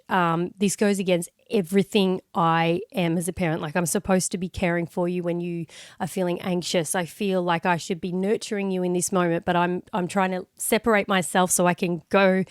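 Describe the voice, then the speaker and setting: Candid mum, smooth close voice. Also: female voice, fairly low pitch, dry recording. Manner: candid, emotional, swears freely. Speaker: podcast co-host. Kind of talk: casual chat.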